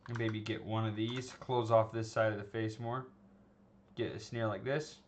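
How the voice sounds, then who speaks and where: A man's voice: lowish voice, flat delivery, normal speed, a little hiss or hum. A man teaching an animation tutorial in a loose, conversational way, often checking in with "okay?" and "right?" and restarting his sentences. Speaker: animation instructor. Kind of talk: screen-recorded tutorial, casual teaching.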